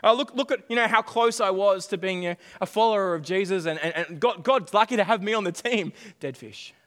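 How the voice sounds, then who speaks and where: A middle-aged man preaching a sermon, animated and jokey, often repeating his phrases. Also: high-pitched, brisk. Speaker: pastor. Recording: long hall reverb.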